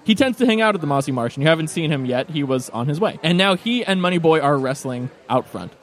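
A man narrating a tabletop game as game master, animated and playful, often laughing. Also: on the high side, quick pace.

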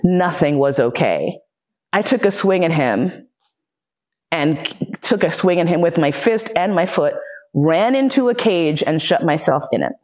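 A podcast host recounts a personal story with blunt, profane candor, stumbling through fillers and restarts. They act out other people's lines as they go, in a mid-pitched voice that sits neither high nor low. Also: lively intonation, measured pace, darkish tone. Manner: blunt, profane, with frequent fillers and self-interruptions; vivid re-enactment of other people's speech. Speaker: podcast host giving a lecture.

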